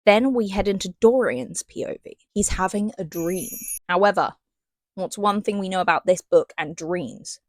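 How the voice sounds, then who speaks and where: A woman's voice: mid-range voice, normal speed, soft background music. A woman giving a sarcastic, slangy casual book review, reading passages aloud between rants. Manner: sarcastic, ranting, slangy asides.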